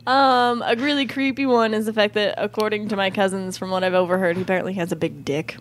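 A woman's voice: mid-range voice, steady tone, quick pace, background noise. A young woman chatting as a podcast guest, giggly and hesitant with many fillers. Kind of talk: casual podcast banter.

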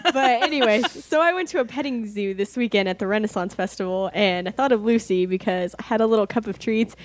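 A woman's voice: medium pitch, brisk. A young woman from Texas, a guest on a casual podcast, laughing and playfully telling stories. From Texas, Dallas. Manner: giggly, playful, does silly voices.

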